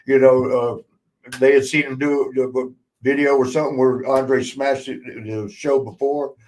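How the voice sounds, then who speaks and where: A man's voice: medium pitch, measured pace. A man, hosting a podcast and telling wrestling road stories in casual chat, laughing often and swearing freely. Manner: laughing often, swearing, lively retelling with voiced quotes. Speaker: podcast host, former wrestler.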